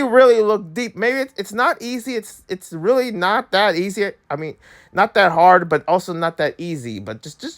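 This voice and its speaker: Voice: medium pitch, animated, moderate pace. A young adult vlogger ranting in an exasperated way, repeating and restarting words, with an accent that drifts around. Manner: accent drifts and shifts when angry. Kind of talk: ranting commentary vlog.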